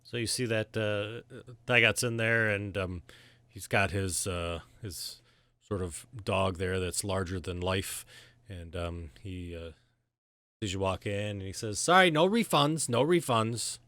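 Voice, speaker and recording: Low, bright-toned man as game master. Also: level tone, dry recording. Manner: halting, many fillers, chuckles often. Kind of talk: narrating a tabletop game over voice chat.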